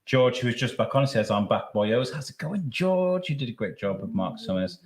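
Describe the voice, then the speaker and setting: A man's voice: mid-range voice, lively intonation, normal speed, echoey room. A man hosting a live charity podcast, emotional and rambling as he thanks people. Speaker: podcast host.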